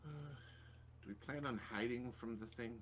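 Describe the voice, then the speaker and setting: A man's voice: mid-range voice, moderate pace, a bit bright, slight background noise. A man playing in a tabletop game, making wry, joking remarks in casual chat. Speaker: player.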